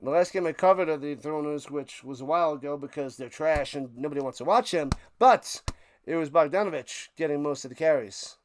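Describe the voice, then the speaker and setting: A man's voice: on the high side, fairly quick. A man hosting a live stream, calling American football play by play with joking, rambling asides. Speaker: play-by-play commentator and stream host. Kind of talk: casual live sports commentary.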